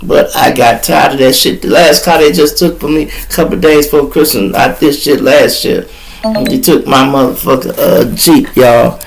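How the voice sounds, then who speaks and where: A man's voice: medium pitch, normal speed, vocal fry, poor audio. A middle-aged man hosting his own show, telling stories in a loose, profane, chatty way. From Chicago. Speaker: podcast host. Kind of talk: casual storytelling.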